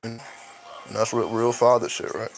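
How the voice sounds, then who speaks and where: A man's voice: mid-range voice, level tone, normal speed, vocal fry, faint music behind, poor audio. Profane, reflective man talking casually. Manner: profane, reflective, keeps asking "right?". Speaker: podcast host; father. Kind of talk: casual late-night monologue.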